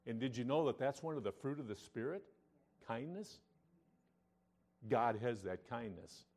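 A pastor preaching a sermon, reading scripture aloud and moving between loud emphatic lines and quiet, intimate asides. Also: male voice, mid-range voice, expressive, measured pace. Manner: reads scripture in King James wording.

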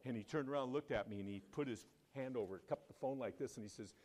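Male preacher, mid-range voice; conversational sermon with call-outs and sudden loud emphasis. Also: mid-range voice, fast talker. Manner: conversational storytelling, asks the congregation questions. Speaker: pastor.

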